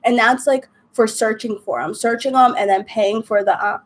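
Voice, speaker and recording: A woman's voice: a little high, fairly even intonation, moderate pace. A young woman chatting on a live stream, ranting in an exasperated, chatty way. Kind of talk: casual chat while crafting.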